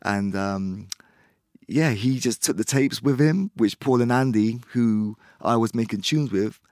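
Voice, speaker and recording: A man, chatting casually as an interview guest, relaxed and rambling with many fillers. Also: medium pitch, measured pace, no room sound, studio quality. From Bristol, England. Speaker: guest musician.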